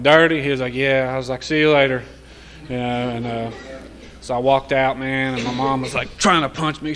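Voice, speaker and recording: A man's voice: medium pitch, fairly bright tone. A man sharing his recovery story in casual, profane storytelling, often laughing as he talks.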